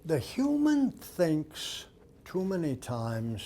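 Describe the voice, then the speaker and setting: A man's voice: mid-range voice, animated, takes it slowly, mellow, slight background noise. An older man, a dog behavior expert, giving an author talk and telling anecdotes while acting out the dialogue. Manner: anecdotal, acts out quoted dialogue. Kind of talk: storytelling talk.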